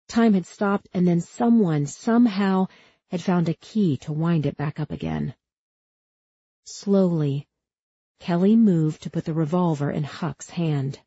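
Low, husky woman narrating an audiobook. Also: a little slow, dark tone, no echo, muffled recording. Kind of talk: scripted narration.

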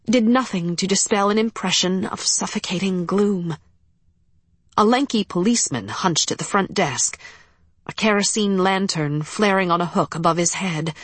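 A woman narrating a historical novel in an expressive, storytelling manner. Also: medium pitch, breathy edge, no room sound. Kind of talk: audiobook narration.

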